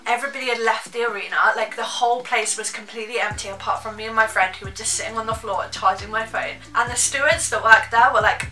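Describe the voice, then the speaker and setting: A woman's voice: fairly high pitch, pushed and bright, reverberant, distant mic, low-quality recording. A young woman telling a casual storytime, chatty and full of "like". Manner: chatty, heavy use of "like". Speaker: vlogger.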